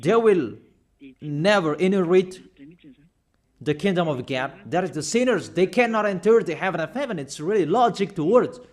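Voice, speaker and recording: A man's voice: high-pitched, lively intonation, moderate pace. A man preaching a sermon, speaking insistently and repeating his warnings to the listeners.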